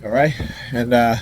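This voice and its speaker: A man ranting defiantly to the camera outdoors in a casual, confrontational vlog, laughing now and then. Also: medium pitch. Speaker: vlogger.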